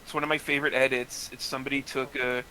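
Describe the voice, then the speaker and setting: A man co-hosting a casual online chat, joking and cutting in with quick remarks. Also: mid-range voice, level tone, sharp tone, a little hiss or hum, rough recording. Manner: jokey, quick interjections. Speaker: podcast co-host. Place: online voice call.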